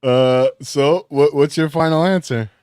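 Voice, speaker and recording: Slow, smooth-voiced podcast quiz host man. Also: on the high side, darkish tone, no echo, clean studio sound. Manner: halting, many fillers, laughs often. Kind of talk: casual chat.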